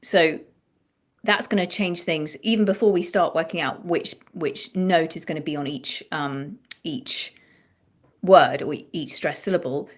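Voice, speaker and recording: A woman with a fairly low voice talks as a songwriting coach in a live-stream chat. She explains step by step and reaches for examples. She often restarts her phrases as she thinks them through. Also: measured pace.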